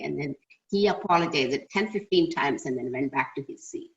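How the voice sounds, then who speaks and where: A woman's voice: sits low, normal speed, dull audio. An older woman in a group class, earnestly telling a personal story and reflecting on it, heard over a video call. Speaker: class participant. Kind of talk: personal anecdote in a group discussion.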